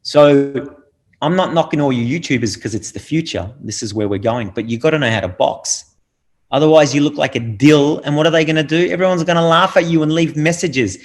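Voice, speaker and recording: A man's voice: on the high side, a little fast. Middle-aged aussie guy, blunt and preachy, swears a lot, casual podcast chat. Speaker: podcast guest.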